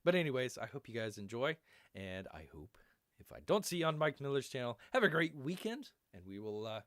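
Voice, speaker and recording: A man's voice: medium pitch, sing-song, brisk, a bit bright, no echo, studio quality. A man rambling casually on a live stream, repeating phrases and joking as he signs off. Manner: rambling, repeats phrases, playful growls and jokes. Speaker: streamer signing off a live show.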